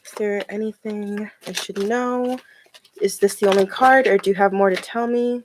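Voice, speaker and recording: A woman's voice: mid-range voice, steady tone, moderate pace, a little hiss or hum. A woman chatting casually on a live stream as she reads tarot cards, filling her talk with "like". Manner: chatty, with many "like" fillers.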